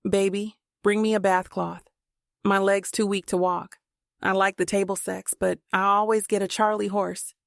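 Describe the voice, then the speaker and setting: A woman's voice: medium pitch, moderate pace, gravelly, no room sound, clean studio sound, natural voice. A woman voicing a laid-back, joking grown man in a storybook reading. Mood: teasing. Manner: relaxed, joking, casual speech.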